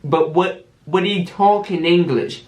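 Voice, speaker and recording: A man hosts a casual solo podcast in an unhurried, drawn-out way. He stumbles and restarts words as he goes. The sound carries a noticeable room echo. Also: high-pitched, darkish tone. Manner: stammering, restarts words often. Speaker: podcast host.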